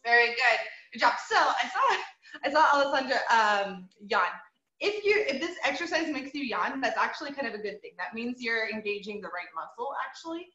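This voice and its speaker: In this online group voice lesson, the teacher's voice is on the high side, animated and fairly quick, with a bright, forceful tone. She encourages her students and explains through demonstration, including owl hoots and bird sounds. Audio is echoey and dull, typical lo-fi call quality.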